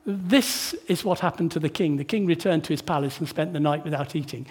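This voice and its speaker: A man preaching a sermon in church, asking the congregation rhetorical tag questions and shifting between hushed and emphatic delivery. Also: on the high side, brisk, slightly rough.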